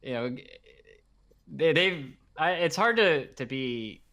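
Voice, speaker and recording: An American man and former pro player speaking as a podcast guest, laid-back and halting, swearing casually. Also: fairly high pitch, animated, pushed and bright. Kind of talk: casual esports chat.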